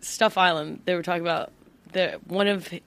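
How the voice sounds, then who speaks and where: A woman's voice: lowish voice, fairly even intonation, normal speed, fairly bright tone. A woman in her early twenties co-hosting a podcast, chatty and self-deprecating, with lots of fillers in a casual chat. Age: 20s. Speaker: podcast co-host.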